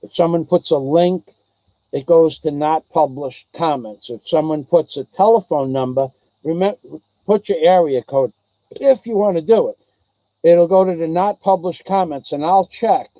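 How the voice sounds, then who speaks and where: Fairly high in pitch and warm in tone, this man speaks at a moderate pace while hosting his channel and reminiscing. He rambles, says things more than once, and does voices of people in his stories; the recording is dry.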